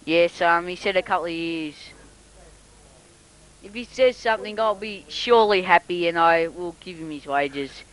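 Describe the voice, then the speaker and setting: A man's voice: sits high, normal speed, a bit bright, smooth, poor audio. A man improvising comedic sports commentary, jokey and hesitant, muddling names with plenty of fillers.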